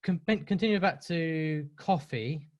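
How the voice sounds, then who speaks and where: A man's voice: fairly high pitch, a little slow, dry recording, highs cut off. A man hosting a live webinar, upbeat and chatty, running a quiz with the audience. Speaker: webinar host.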